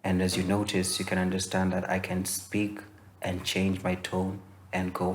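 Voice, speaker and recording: A young man from Kenya teaching voice-over in a relaxed, explanatory way, with many fillers and restarts. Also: sits low, moderate pace. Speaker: voice-over coach. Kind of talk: instructional masterclass.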